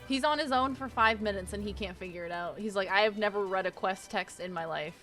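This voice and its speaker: A woman's voice: medium pitch, a bit bright, faint music behind. A young woman streaming a game, chatting casually in a playful, teasing way. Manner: playful, teasing, quick to laugh. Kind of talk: casual gaming chat.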